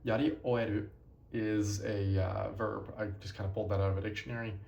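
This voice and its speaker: A tired young man talks through a language lesson in a low, gravelly voice, rambling and often stopping to correct himself. The sound is dull and roomy, like a home recording. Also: flat delivery, a little fast, a little mellow, a little hiss or hum. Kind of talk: casual spoken lesson.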